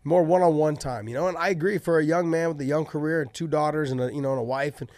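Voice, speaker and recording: A man tells fight stories in a loose, profane podcast chat. His voice sits a little high and he gets animated. The sound is dry and close, with no room around it. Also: fast talker, no room sound. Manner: animated storytelling, swears freely. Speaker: podcast co-host and former fighter. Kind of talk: casual chat.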